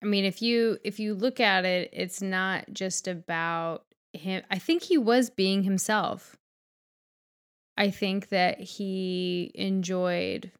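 A woman's voice: lowish voice, gravelly, smooth. A woman co-hosting a podcast in casual chat, talking frankly, rambling with fillers and swearing freely. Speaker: podcast co-host.

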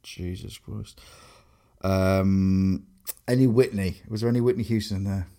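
A man in casual chat, excitable and quick to exclaim. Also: low-pitched.

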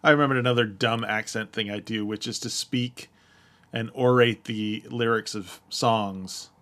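A man's voice: fairly low pitch, fairly even intonation, normal speed, a bit bright. An American man co-hosting a podcast, chatting casually, hesitant with many fillers and frequent laughs. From United States. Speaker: podcast co-host. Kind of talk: casual chat.

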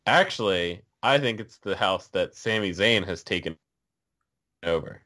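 A man's voice: sits low, expressive, measured pace, sharp tone. A man co-hosting a casual podcast chat, loose and chatty, asking questions and laughing often. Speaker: podcast co-host.

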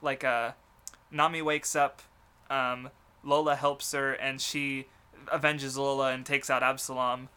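A man's voice: mid-range voice, level tone, unhurried, sharp tone, clear, resonant tone. A young man co-hosting a casual chat, rambling with many fillers, restarts and frequent laughter. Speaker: podcast co-host.

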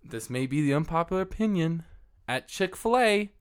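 A young man hosting a podcast in casual chat, animated and quick to laugh, often slipping into mock voices. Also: on the high side, smooth. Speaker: podcast host.

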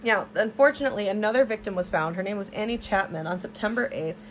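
A young woman co-hosting a casual true-crime podcast, telling the story in an animated way with swearing and side remarks. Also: medium pitch, fast talker, slight background noise. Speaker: podcast co-host.

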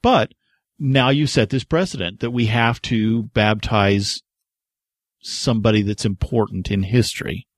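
A man's voice: lowish voice, unhurried, no room sound, clean studio sound. A man on a podcast panel joking in a wry, sarcastic way in casual chat.

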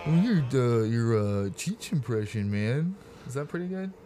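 A man's voice: mid-range voice, big pitch swings, moderate pace, over music. A man hosting a podcast in casual chat, teasing and blunt, with the odd swear. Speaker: podcast host.

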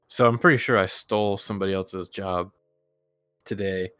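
A man's voice: sits low, fairly even intonation, moderate pace, fairly bright tone, clean tone, no room sound, studio quality. A man co-hosting a podcast in casual chat, telling rambling stories and laughing often. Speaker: podcast co-host.

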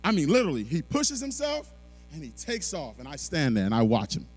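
A middle-aged male pastor preaching a sermon, moving from quiet storytelling to shouted exhortation. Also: on the high side, huge pitch swings, a little fast, soft background music.

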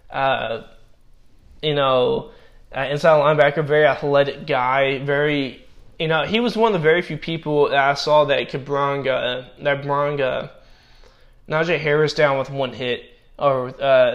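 His voice is medium-pitched, and the recording's highs are cut off. He's casually reviewing and grading football draft picks, talking haltingly with frequent restarts as his voice gives out.

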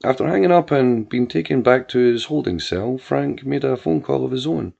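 A man narrating a crime drama story in a measured way. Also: mid-range voice, lively intonation, creaky, a little mellow, husky. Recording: dull lo-fi with faint music.

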